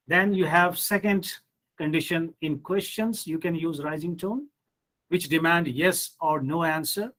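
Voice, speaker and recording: A man with an Indian English accent and a high voice lectures slowly and patiently. He is middle-aged and explains pronunciation rules, then reads example sentences aloud with exaggerated rises and falls. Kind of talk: online lecture.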